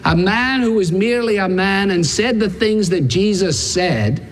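A man's voice: high-pitched, animated, a little slow, slight background noise. A man preaching a sermon in an emphatic style, building his points through repeated phrases. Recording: long reverb of a large hall.

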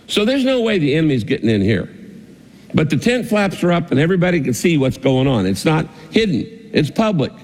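A man's voice: on the high side, darkish tone. A male pastor preaching a sermon, telling a vivid story with repeated, building phrases, recorded in a church. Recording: long hall reverb.

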